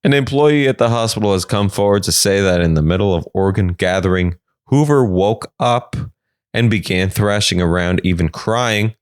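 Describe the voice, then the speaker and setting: A man's voice: lowish voice, moderate pace, clean tone, dry recording, studio quality. A man hosting a podcast and recapping odd news stories with jokes. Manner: jokey, animated. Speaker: podcast host.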